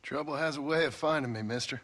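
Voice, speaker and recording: A man's voice: on the high side, fast, a bit bright. An actor playing a terse, blunt frontier gunman who speaks in dry, laconic lines.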